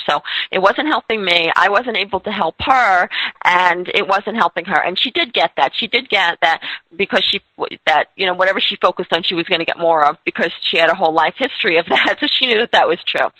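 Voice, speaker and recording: A woman's voice: lowish voice, fast, bright, forceful tone, dry recording, rough recording. A woman hosting a podcast conversation, telling stories in an upbeat way with frequent affirmations. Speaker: host.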